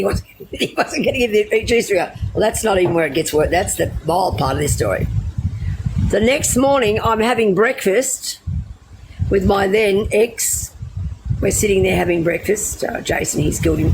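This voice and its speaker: Brash Australian woman with a low voice. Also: gravelly. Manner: brash, swearing, animated anecdotes. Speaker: storyteller. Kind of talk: casual storytelling. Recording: noisy background.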